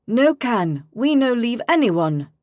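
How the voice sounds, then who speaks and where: A woman voicing a loyal male creature companion who speaks in slow, halting broken phrases. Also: a little high, sing-song, a little mellow, dry recording, clean studio sound, voice pushed up. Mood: earnest.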